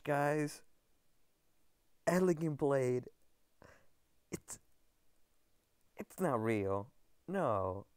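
A man's voice: medium pitch, sing-song, drawn-out words, pauses often, darkish tone, clean tone, no room sound, clean studio sound. Overexcited man stammering over gameplay. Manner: overexcited, stammering, repeats himself, addresses viewers as guys. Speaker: gaming video creator. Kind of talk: excited gameplay commentary.

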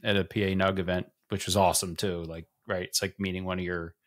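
A man co-hosting a podcast in a casual group chat, animated and rambling, with lots of fillers and self-deprecating asides. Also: deep voice, fast. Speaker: podcast co-host.

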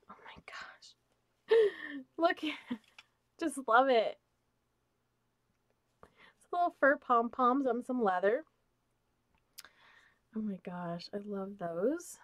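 An excited woman talks close to a dry, deadened mic while she goes through craft supplies. She keeps saying how much she loves each piece, and her voice often drops to a soft, breathy hush. Her pitch sits in an ordinary middle range. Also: no room sound. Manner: gushing, excited, repeats "oh my gosh". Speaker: craft channel host. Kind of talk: unboxing haul vlog. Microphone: close mic, off camera.

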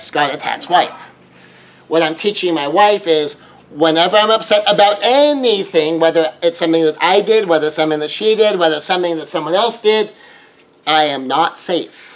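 A middle-aged man, talking through relationship advice in a conversational monologue and now and then acting out quoted exchanges. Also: a little high. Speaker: relationship teacher. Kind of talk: casual monologue.

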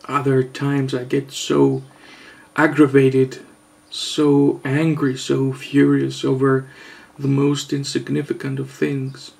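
A man vlogger giving a mock-serious confession, halting and hesitant, earnest and overwrought. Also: medium pitch, monotone, vocal fry, darkish tone. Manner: halting, hesitant, with long pauses.

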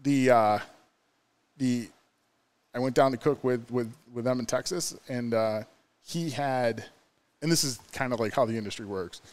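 A man's voice: mid-range voice, moderate pace, long pauses, darkish tone. Rambling storytelling man from New York. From New York State. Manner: rambling, lots of fillers and laughs. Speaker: podcast guest. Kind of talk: casual storytelling chat.

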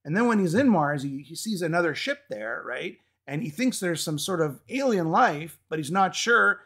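A man's voice: a little high, lively intonation, normal speed, a bit bright, husky. A man hosting a casual roundtable on metal albums, enthusiastic, interjecting and handing the floor to others. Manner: enthusiastic, interjects and directs turns. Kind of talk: casual panel discussion.

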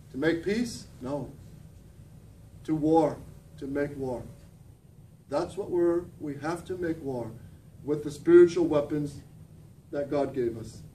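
A man preaching a fervent sermon as a priest, often dropping to a quiet, intense emphasis. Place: church. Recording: distant mic with faint rumble.

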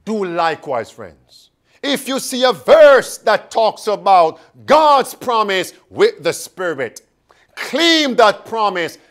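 A man delivers a sermon in a high, animated voice that swoops up and down. He speaks slowly, drawing out key words for emphasis. He keeps turning to the congregation with questions. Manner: calls and questions to the congregation, drawn-out emphatic phrases. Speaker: preacher.

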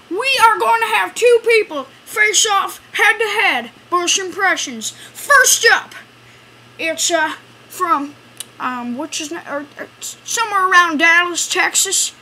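A woman's voice: very high-pitched, slow pace, bright, forceful tone. A woman hosting a homemade talent show skit, rambling playfully with many fillers and self-corrections.

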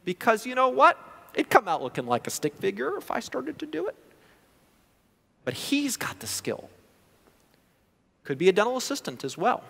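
A male prosthodontist gives a conference talk, his fairly high voice swinging widely as he acts out his patients' words. The delivery is lively and conversational. A long hall reverb trails each phrase. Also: moderate pace, gravelly, long pauses. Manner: animated, acts out patient quotes. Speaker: guest lecturer, prosthodontist.

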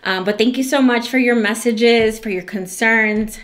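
A woman's voice: a little high, normal speed, fairly bright tone. A woman who makes candles and hosts her own channel, talking to her viewers in a heartfelt, effusive way. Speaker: candle maker and channel host. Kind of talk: casual vlog talk to viewers.

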